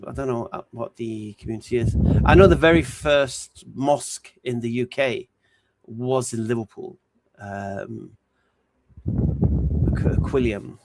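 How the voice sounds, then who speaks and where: Gravelly guy on his stream, lots of ums, noisy background. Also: mid-range voice. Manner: relaxed and hesitant, with many ums and restarts. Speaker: livestream host. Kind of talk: casual chat answering viewer questions. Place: home streaming setup. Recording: steady background noise.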